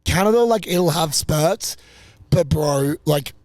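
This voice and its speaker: A young man co-hosting a podcast, telling travel stories in a lively, laughing, foul-mouthed way. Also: a little high, takes it slowly, no echo. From Australia. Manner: animated, laughing, swearing storyteller. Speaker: podcast co-host. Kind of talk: casual travel storytelling.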